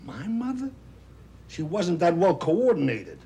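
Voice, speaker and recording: An actor playing a loud, wisecracking, self-pitying middle-aged talent agent in a 1970s television drama. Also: male voice, high voice, huge pitch swings, measured pace, breathy edge, full character voice. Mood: bitter. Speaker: theatrical agent.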